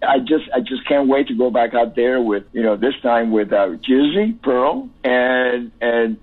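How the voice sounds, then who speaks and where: A man's voice: mid-range voice, lively intonation, a little slow. A man, a musician guest, talking at length in an interview, rambling and reflective with frequent restarts. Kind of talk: interview over the phone. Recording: tinny phone line.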